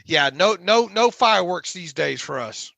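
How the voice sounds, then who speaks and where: A middle-aged man with a high, gravelly voice chats loosely on a sports podcast, tripping over his words and joking. His tone is bright and edgy. The recording is dry and close. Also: expressive, normal speed, dry recording. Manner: rambling, many fillers and repeated words, jokey. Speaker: podcast co-host. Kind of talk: casual sports podcast chat.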